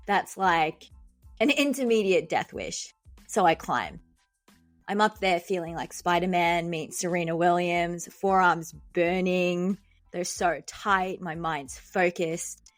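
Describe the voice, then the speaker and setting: Low-voiced woman telling a comic story. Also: no room sound. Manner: joking, self-deprecating, dramatic. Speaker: podcast host and doctor. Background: faint background music.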